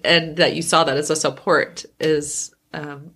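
Woman, podcast guest, earnest, reflective, hesitant, teary, low pitch. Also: level tone, measured pace, a bit bright. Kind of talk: casual chat.

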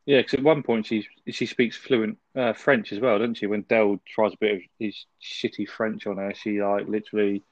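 A man's voice: lowish voice, little pitch movement, moderate pace, few pauses, dry recording, muffled recording. A man chatting casually on a podcast, easygoing, laughing and swearing freely. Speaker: podcast co-host. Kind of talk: casual chat.

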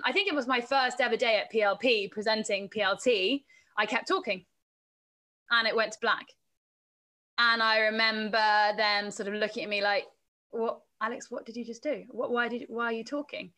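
This English woman, a presenter and reporter, is a podcast guest chatting casually about her work in interview answers. Her voice is fairly high, pushed and bright, and she laughs a lot and acts out what other people said.

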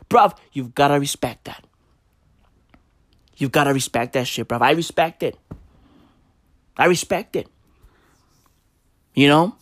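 A man's voice: a little high, a little slow, long pauses, fairly bright tone, dry recording, clean studio sound. A young man delivering a profane comedic rant, emphatic and slangy, repeating his points over and over. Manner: repetitive, emphatic, slangy, swearing. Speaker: comedic commentator.

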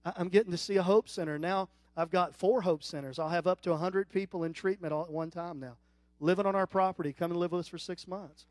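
High-voiced preacher telling an animated story. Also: male voice, fast talker, no echo. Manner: storytelling, rising to loud animated peaks. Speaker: guest preacher. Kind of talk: sermon.

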